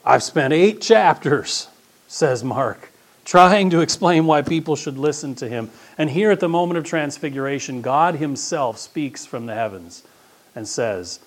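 Animated, expressive male preacher. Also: on the high side, a little slow. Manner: expressive, swings between loud emphasis and hushed asides. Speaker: pastor. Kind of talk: sermon.

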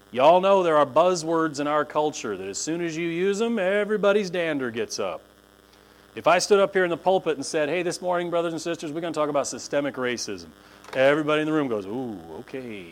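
A male pastor preaches in a chatty, animated way, breaking into quick voices for the people he talks about. His speech swoops up and down, sitting a touch high for a man. A faint electrical hum runs under the recording. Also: low-quality recording. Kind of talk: sermon. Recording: low mains hum.

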